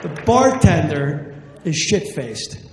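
A middle-aged man with a New Jersey accent doing a stand-up routine, telling stories with animated energy and loud outbursts. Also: fairly high pitch, slow, long reverb tail, crowd noise, noisy background. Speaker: stand-up comedian.

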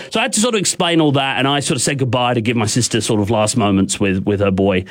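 A man's voice: mid-range voice, fairly quick, few pauses, a bit bright. A young Australian man hosting a radio show, telling a personal story in a candid, rambling way with many fillers and restarts. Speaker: radio host.

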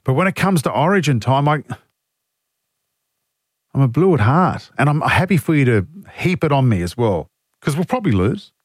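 A man's voice: mid-range voice, sing-song, normal speed, pauses often, no room sound, clean studio sound. A man hosting talkback radio, joking, poking fun at himself and reading out listener texts in a casual chat. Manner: joking, self-mocking, reads listener texts aloud. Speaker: radio talk show host. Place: radio studio.

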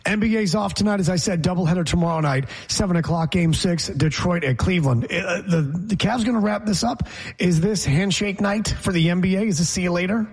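A man with a slightly high, husky voice hosts a sports talk show. He talks casually and with opinion, reading the schedule and arguing his points. The delivery is animated and chatty. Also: a little fast. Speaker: sports radio host.

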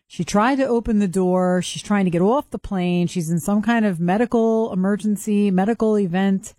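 A woman trades quick, teasing remarks with the host of a radio show. Her voice sits at an ordinary pitch and sounds dry and close on the studio mic. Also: dark tone, no room sound. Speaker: radio producer and podcaster. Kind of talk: studio banter.

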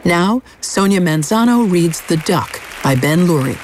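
A host reading a scripted introduction for a story segment in a smooth, even way. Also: medium pitch, unhurried, a loud crowd, very noisy.

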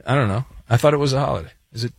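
A man's voice: medium pitch, very fast, vocal fry, breathy edge, no echo. A man hosting a sports talk radio show, chatty and joking with a sarcastic edge. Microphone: studio mic.

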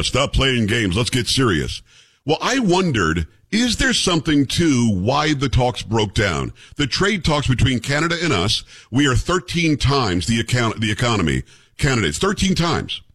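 Animated, slightly husky male talk host. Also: mid-range voice, moderate pace. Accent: General American. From New York. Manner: animated, opinionated, repeats words when starting sentences. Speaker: radio and podcast host. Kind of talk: casual talk show banter and commentary.

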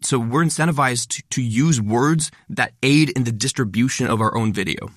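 A man who is a content creator, talking fast and stressing many words as he explains ideas in a conversational interview. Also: medium pitch, fairly bright tone, no room sound, clean studio sound.

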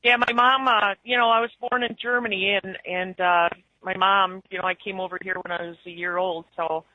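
A woman's voice: mid-range voice, level tone, fairly quick, no room sound. A woman from Wisconsin with an Upper Midwest accent, calling in to a radio show and chatting in a rambling way with restarts. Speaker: caller. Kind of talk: casual call-in chat. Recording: muffled phone-in line.

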